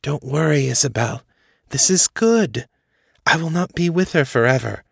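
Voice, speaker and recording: A man voicing a smooth, manipulative male Daedra who talks in a soft, coaxing, confident way. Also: on the high side, lively intonation, normal speed, no room sound, clean studio sound, pitched above the performer's own voice, heavily acted. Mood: reassuring.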